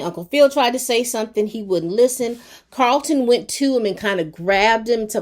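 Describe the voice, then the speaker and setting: A woman recapping a TV episode for her viewers in casual chat, expressive and talkative, with terms of endearment and fillers. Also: fairly high pitch. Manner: rapid talk.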